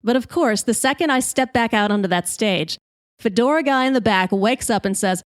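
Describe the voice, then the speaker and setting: Brash host, female, comic storyteller, bright voice, dry close mic. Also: a little high, normal speed, no echo. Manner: lively, brash, swears freely. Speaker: podcast host.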